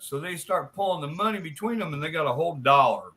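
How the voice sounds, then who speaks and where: A man hosting a live stream, telling long dirty jokes in an animated, profane way. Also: on the high side, quick pace. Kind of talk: casual joke-telling.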